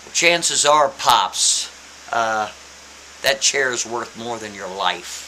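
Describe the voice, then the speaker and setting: A man's voice: medium pitch, lively intonation, slow pace, pushed and bright, slight background noise, exaggerated voice, low-quality recording. Man doing a smug store owner. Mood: condescending. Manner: condescending, dismissive.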